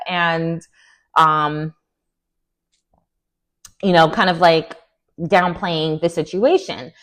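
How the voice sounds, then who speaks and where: A woman's lowish voice stretches out words and leaves long pauses as she hosts a reality TV recap. Her style is casual, animated, and sassy, packed with strong opinions and quotes performed in mocking voices.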